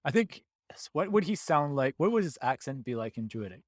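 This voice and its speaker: A man playing in a tabletop game, halting and thinking aloud. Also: fairly high pitch, sing-song, dry recording, studio quality. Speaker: player.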